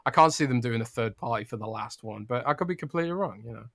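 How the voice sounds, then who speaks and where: A man's voice: medium pitch, lively intonation, fast talker, vocal fry, fairly bright tone, no echo, clean studio sound. A British man from the UK co-hosting a podcast, chatty and rambling, laughing often. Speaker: podcast co-host. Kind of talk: casual chat.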